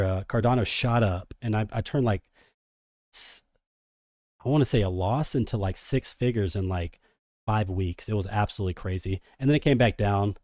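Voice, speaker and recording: A man's voice: fairly low pitch, dry recording, clean studio sound. A man hosting a casual crypto livestream, talking energetically to his viewers and calling them degens. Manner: energetic, hype-driven, addresses viewers as degens.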